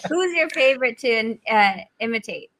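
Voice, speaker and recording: Playful, high-voiced woman co-host. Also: expressive, normal speed, fairly bright tone. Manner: playful, teasing questions. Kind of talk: casual interview chat.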